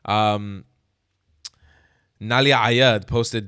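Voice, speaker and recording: A man hosting his channel, reacting to social media posts with animated, incredulous and mocking commentary. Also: fairly low pitch, moderate pace, clean tone, dry recording, clean studio sound.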